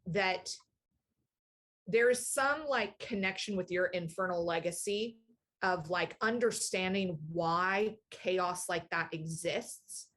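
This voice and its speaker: A woman runs a tabletop game with a lowish voice at an unhurried pace. She narrates thoughtfully and pauses often with fillers. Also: a bit bright. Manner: slow, thoughtful, many fillers. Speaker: game master.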